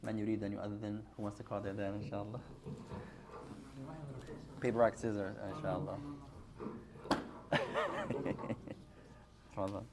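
A man's voice: fairly low pitch, little pitch movement, rapid-fire, long pauses, heavy background noise. A man giving an earnest religious class in a mosque, speaking to the congregation as brothers and mixing in Arabic phrases. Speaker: mosque teacher.

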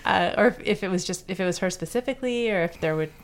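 A woman's voice: mid-range voice, fast. A woman co-hosting a podcast in casual chat, chatty and inquisitive, often restarting her sentences. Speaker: podcast co-host.

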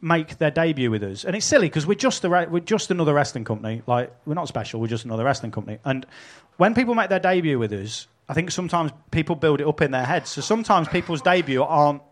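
A podcast host who is also a wrestling promoter runs a live show in front of an audience, swearing freely and telling stories with animated energy and lots of laughter. His voice is a little high for a man, and he talks fast.

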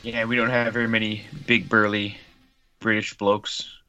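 A man with a low but bright, forceful voice trades jokes on a gaming podcast. He teases his co-host, and faint music plays underneath. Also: little pitch movement. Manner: joking, quick to tease. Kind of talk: casual gaming podcast chat.

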